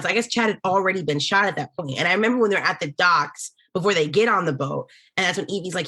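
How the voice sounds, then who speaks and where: A woman with a somewhat low voice, joining as a guest on a relaxed podcast chat. She tosses in wry, joking remarks while recapping a show. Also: fast talker, hardly any pauses, husky. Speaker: guest co-host. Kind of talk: casual chat.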